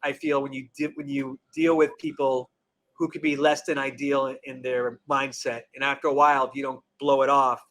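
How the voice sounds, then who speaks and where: In a mid-range, fairly bright voice with little pitch movement, a restaurant general manager speaks at a moderate pace. His interview is casual, full of meandering anecdotes where he acts out customers' lines.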